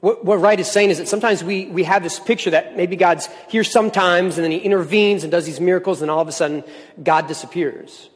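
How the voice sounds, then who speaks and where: A man in his thirties preaches a sermon, slightly high-voiced and earnest, building points through repeated phrases. His voice carries a long reverb from the hall around him. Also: a little fast. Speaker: pastor.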